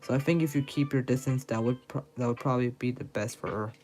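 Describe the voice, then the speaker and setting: A man's voice: mid-range voice, steady tone, fast talker, a little mellow, faint music behind, close to an everyday voice, poor audio. A man voicing a confident, controlling girl who leads a club, reading game dialogue aloud with small stumbles.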